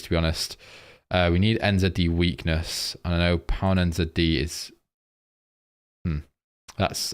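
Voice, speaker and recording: A young man, casually going over forex charts on a live stream and reading out viewer comments. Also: deep voice.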